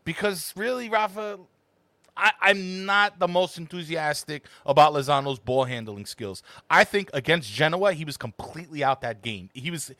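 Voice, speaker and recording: A man co-hosting a football podcast, opinionated and halting, often repeating words. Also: on the high side, pushed and bright, dry recording. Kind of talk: casual chat.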